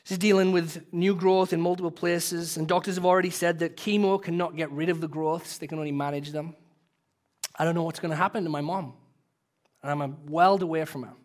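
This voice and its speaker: A man preaching a sermon as pastor, earnest and emotional, swelling louder and then dropping soft, ending in prayer. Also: on the high side, steady tone, a little fast.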